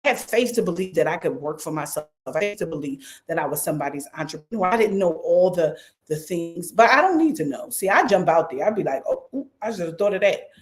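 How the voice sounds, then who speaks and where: Animated woman pastor preaching. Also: on the low side, quick pace. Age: 50s. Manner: animated, conversational, addressing the crowd as y'all. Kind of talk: sermon.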